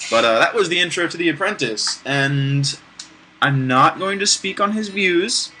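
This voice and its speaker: A man's voice: fairly high pitch, lively intonation, unhurried, bright, forceful tone, a little hiss or hum, low-quality recording. A man casually commenting on a video game he plays, rambling off-topic with restarts and sarcastic asides. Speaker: let's play gamer. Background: game music.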